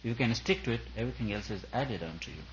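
A man's voice: mid-range voice, animated, quick pace, muffled recording, a little hiss or hum. A man, a spiritual teacher, giving an earnest discourse at a retreat, building his points through repeated emphatic phrases.

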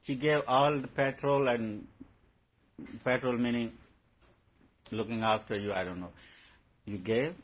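Husky man giving a spiritual talk. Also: medium pitch, fairly even intonation, measured pace, pauses often. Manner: probing rhetorical questions, playful anecdotes. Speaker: spiritual teacher. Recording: dull lo-fi recording.

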